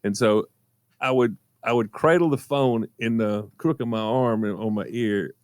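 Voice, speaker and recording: A man's voice: fairly low pitch, normal speed, clear, resonant tone, no room sound. An older man, co-hosting a radio show and telling a story in casual chat, laughing through his punchlines.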